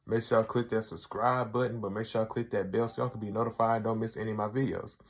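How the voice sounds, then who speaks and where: A man's voice: lowish voice, fairly even intonation, fast talker. A man reviewing a sketch show episode for his video channel, retelling it loosely with lots of "like" and "he's like".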